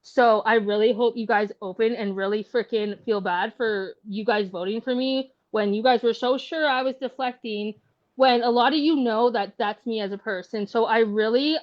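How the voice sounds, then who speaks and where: A woman's voice: on the high side, muffled recording. A woman contestant giving a defiant, emotional speech after being voted out, upset and fighting back tears, swearing and defending herself. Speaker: game contestant.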